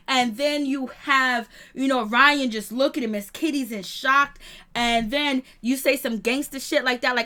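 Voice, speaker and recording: High-voiced woman, animated live recap. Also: unhurried. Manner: animated retelling, acts out quotes, frequent laughter; casual slang-heavy talk with cursing. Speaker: YouTube show host reviewing reality TV. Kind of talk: live-stream commentary chat.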